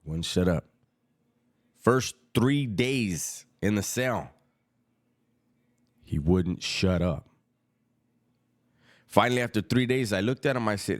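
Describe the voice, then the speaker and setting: Low-voiced socal guy, middle-aged, slangy laid-back storytelling, drops his voice when quoting people. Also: lively intonation. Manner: street slang, unhurried and reflective, quotes others in a lowered voice. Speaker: former prisoner telling his story. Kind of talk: casual storytelling.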